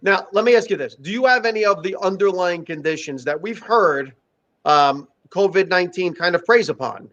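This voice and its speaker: A man's voice: high voice, lively intonation, moderate pace, a bit bright. Male host, casual comedic chat, emphatic and repetitive, muffled lo-fi audio. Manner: emphatic, repeats himself for emphasis. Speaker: podcast host.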